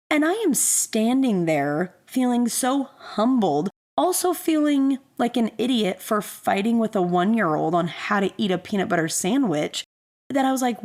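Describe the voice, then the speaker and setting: A woman's voice: fairly high pitch, animated, moderate pace, a little mellow. A woman in her thirties telling a personal story in a candid, self-deprecating, conversational way. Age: 30s. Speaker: podcast host.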